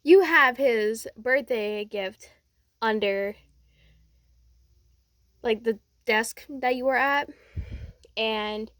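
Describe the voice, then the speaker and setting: A young woman tells a second-person fan story in a casual, rambling way, full of fillers and restarts. Her voice sits fairly high and the recording is close and dry. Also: fairly bright tone, no room sound.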